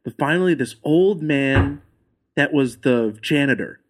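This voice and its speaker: A man's voice: mid-range voice, a little slow, background noise. A man, a podcast guest, telling a travel story in casual chat.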